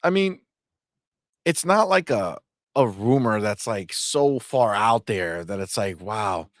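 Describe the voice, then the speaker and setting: Animated, profane male podcast host. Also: medium pitch, takes it slowly, no room sound, clean studio sound. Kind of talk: casual podcast banter.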